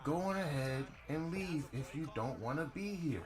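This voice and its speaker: Slangy streamer mocking a troll. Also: male voice, on the high side, lively intonation, moderate pace, hardly any pauses, music in the background. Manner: mocking, slangy, addressing chat. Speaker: gaming streamer. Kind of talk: casual live-stream talk. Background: game crowd noise.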